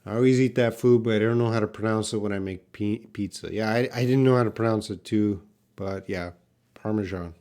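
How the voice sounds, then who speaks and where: A man teaching English pronunciation on a live stream, repeating each word slowly and answering viewers' questions from the chat. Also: on the low side, steady tone, warm tone. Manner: slow, repeats words for learners, answers chat.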